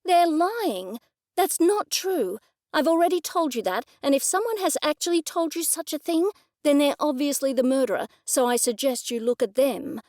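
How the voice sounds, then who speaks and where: Woman narrator doing an indignant woman sleuth, snappish and defensive, high and loud, dry sound. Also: animated, normal speed, no room sound. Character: indignant middle-aged woman amateur sleuth.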